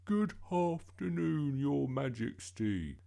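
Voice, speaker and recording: Cheeky, stubborn schoolboy, as a man reads him, high and lively, a gravelly edge underneath. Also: slow pace, exaggerated voice. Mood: earnest. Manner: high, earnest and protesting.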